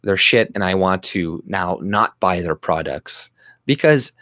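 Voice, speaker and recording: A man's voice: sits low, lively intonation, a little slow, pushed and bright, no room sound, studio quality. A Canadian man ranting casually about politics, profane, with frequent restarts and mocking quoted voices. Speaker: political commentary vlogger.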